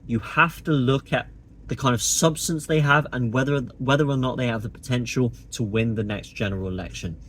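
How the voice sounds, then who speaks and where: A man's voice: mid-range voice, brisk, a little hiss or hum. A man delivering a sarcastic, indignant opinion monologue to camera as a political vlogger.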